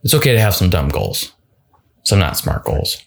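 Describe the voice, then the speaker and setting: A man's voice: low voice, very animated, normal speed, vocal fry, husky. A man hosting a solo motivational podcast, talking casually and often restarting and repeating words. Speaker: podcast host.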